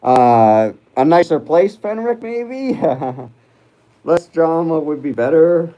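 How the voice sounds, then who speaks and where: Mellow-voiced man rambling on a livestream. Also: on the high side, expressive, slow, highs cut off. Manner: rambling and hesitant, many fillers and restarts; chats with viewers while reading live comments. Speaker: livestream host. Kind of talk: casual livestream chat.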